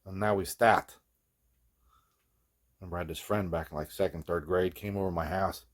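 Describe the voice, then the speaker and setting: A man's voice: low voice, steady tone, a little fast. A man hosting a guitar repair video, chatting casually in a rambling, profane way, full of fillers and laughing at his own jokes. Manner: rambling, loose and profane, peppered with "man" and "you know what I mean". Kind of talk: casual hands-on workshop chat.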